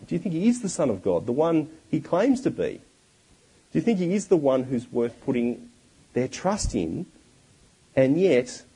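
Husky, animated man preaching a sermon. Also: medium pitch, poor audio. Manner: expressive, with rhetorical questions.

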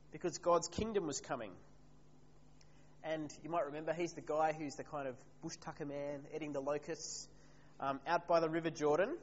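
Man preaching in an echoing hall. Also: fairly high pitch. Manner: conversational, asks the congregation questions. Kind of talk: sermon. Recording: reverberant hall, slightly dull, faint hum.

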